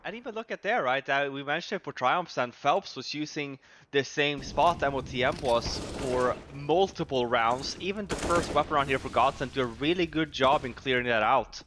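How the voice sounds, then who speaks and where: A man casting esports as analyst, measured and explanatory. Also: medium pitch, noisy background. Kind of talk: analytical commentary.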